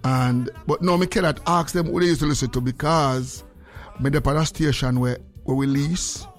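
An older man from Jamaica with a Jamaican accent, hosting a morning radio show and chatting with callers in animated, laughing patois. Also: on the high side, normal speed, soft background music. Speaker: radio host. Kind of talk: casual radio chat with callers.

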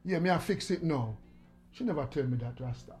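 Broadcasting live from his home studio, a Jamaican livestream host speaks in a high, bright voice at a slightly quick pace. He's animated and playful, teasing his audience, calling viewers by name, and keeping up a loose, rolling banter while faint music plays in the background.

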